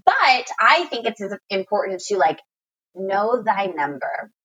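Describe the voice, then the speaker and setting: A woman's voice: mid-range voice, big pitch swings, unhurried, fairly bright tone, slightly rough. A woman in casual conversation, upbeat and chatty, offering friendly advice about spending, full of fillers. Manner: upbeat, chatty, calls people girl, lots of you know. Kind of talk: casual chat.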